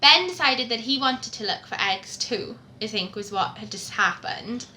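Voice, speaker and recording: A woman's voice: fairly high pitch, animated, normal speed, pushed and bright, slight background noise. A young woman vlogging, telling stories in a chatty, giggly way. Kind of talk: casual chat. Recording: echoey room.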